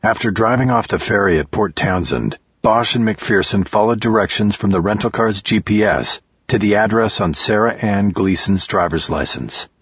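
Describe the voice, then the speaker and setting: A man narrating a thriller audiobook in a steady, measured way. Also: on the low side, husky, no echo. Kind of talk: scripted narration. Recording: dry, slightly dull recording.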